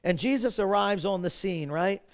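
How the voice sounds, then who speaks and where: Male pastor, higher voice, warm folksy sermon delivery with scripture readings. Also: normal speed. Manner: earnest, folksy, reads scripture aloud, frequent "right?".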